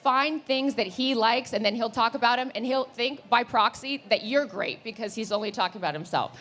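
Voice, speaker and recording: A woman co-hosting a live podcast on stage, chatty and laughing, reading out listener questions and giving advice. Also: a bit bright. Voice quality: deeper voice. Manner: chatty, laughing, fast-talking. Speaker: podcast co-host.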